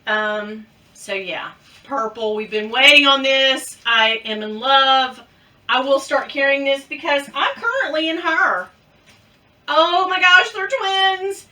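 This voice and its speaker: A woman's voice: high voice, slow pace, bright, forceful tone, distant mic. A middle-aged woman, chatting playfully to viewers while unboxing a handbag. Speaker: unboxing vlogger. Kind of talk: casual chat.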